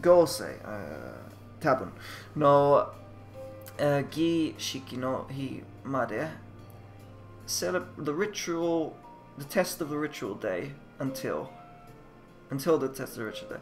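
A man's voice: mid-range voice, sing-song, slow, faint music behind. A man playing a game and commenting in English, working through its Japanese text line by line and often trailing off to second-guess himself. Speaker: let's player.

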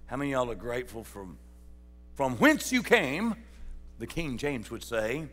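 Pastor preaching with echoing reverb. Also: male voice, medium pitch, very animated, moderate pace, fairly bright tone, faint music behind, some chatter behind. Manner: folksy, calls out to the congregation. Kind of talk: sermon. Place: large church sanctuary. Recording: church hall reverb.

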